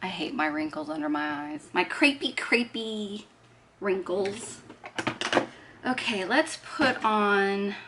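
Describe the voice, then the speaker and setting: This beauty vlogger has a mid-range, expressive voice and speaks slowly over a noisy background. She chats casually while doing her makeup, talking through each step and poking fun at herself in a get-ready-with-me style.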